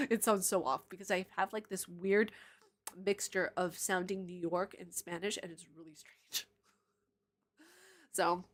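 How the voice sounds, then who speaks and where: A woman's voice: fairly low pitch, fairly even intonation, a little slow, long pauses. A woman streaming live, chatting casually and answering viewer comments, rambling into tangents and laughing often.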